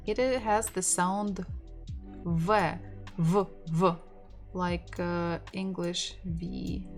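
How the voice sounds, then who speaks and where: A woman whose first language is Russian, teaching an online language lesson and patiently repeating sounds and words for practice. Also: fairly low pitch. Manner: chatty asides with light laughs. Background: faint background music.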